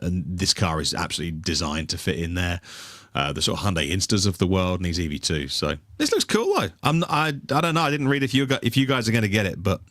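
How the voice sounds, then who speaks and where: Very animated and quick, a man co-hosting a podcast speaks in a low, fairly bright voice. His casual chat rambles with many fillers and restarts, and the clean studio sound has no room echo.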